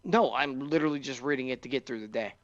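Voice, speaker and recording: A man's voice: medium pitch, fast talker, a bit bright, lo-fi sound. A man co-hosting a podcast, venting sarcastic complaints in casual chat. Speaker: podcast co-host.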